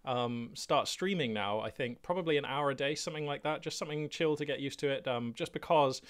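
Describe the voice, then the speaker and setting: A man's voice: mid-range voice, brisk, clear, resonant tone. A man chats to his channel from a small hobby room at home, recorded on a simple webcam setup. His voice sits in a mid register, and he talks in a loose, unscripted way, wandering through thoughts with plenty of ums, uhs and false starts. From England. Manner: rambling, many fillers and restarts, chatty. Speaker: gaming channel host. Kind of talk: casual unscripted monologue.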